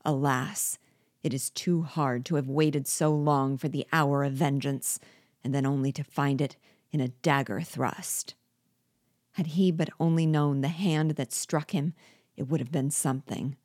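A woman's voice: deep voice, fairly even intonation, a little mellow, no echo, clean studio sound. A woman reading as Habibra, a vengeful gloating dwarf. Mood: bitter. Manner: bitter, gloating, slow deliberate speech. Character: vengeful scheming male dwarf, former court jester.

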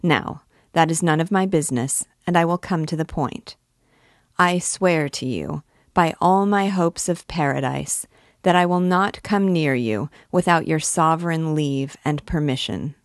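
A woman reading aloud, voicing an earnest, talkative young male poet who pleads gallantly, in a low, dry voice. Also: a little slow, no echo. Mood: bargaining.

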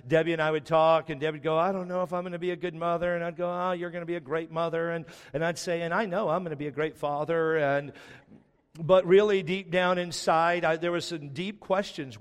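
Man, middle-aged, pastor, sermon, slightly high voice, impassioned swells, long hall reverb. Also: clear, resonant tone. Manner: impassioned preaching, swells loud and high then drops to storytelling.

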